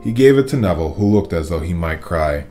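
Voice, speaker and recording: Expressive man reading a storybook. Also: sits low, fast, faint music behind. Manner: lively, expressive narration. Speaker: reader. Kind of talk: storybook read-aloud.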